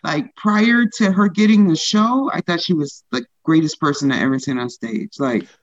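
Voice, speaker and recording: A woman stand-up comedian in a casual interview, talking fast and loose with lots of "like" fillers and frequent laughter. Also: deep voice, no echo, highs cut off.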